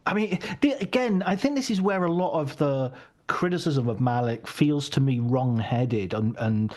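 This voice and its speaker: A man hosting a casual film talk, animated and laughing, arguing against critics. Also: mid-range voice, normal speed. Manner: animated, laughs often, argumentative asides. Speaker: podcast host.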